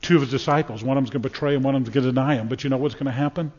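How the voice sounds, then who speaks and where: A man preaching a sermon from the pulpit of a church, emphatic and dramatic, swinging from loud declarations to hushed, solemn lines. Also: medium pitch, fairly even intonation, very fast, in a large hall, dull audio. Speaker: pastor. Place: church sanctuary.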